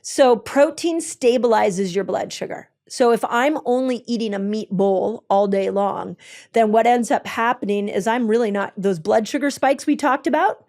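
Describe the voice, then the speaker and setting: Her fairly high, slightly mellow voice moves at a moderate pace. A health expert with her own clinic, she enthusiastically walks through each point conversationally, often saying um and starting over.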